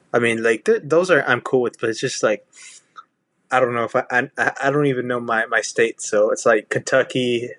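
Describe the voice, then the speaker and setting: A man's voice: medium pitch, a bit bright, no echo. A man from Texas with a Southern accent, chatting casually, rambling with lots of restarts and fillers. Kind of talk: casual chat.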